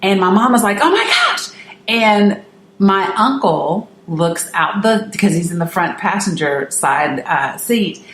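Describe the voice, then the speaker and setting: A middle-aged woman with a lowish voice tells her viewers a personal story, earnest and emphatic, often stopping to restart a sentence. The room around her gives her voice a roomy echo. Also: unhurried, slight background noise. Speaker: host.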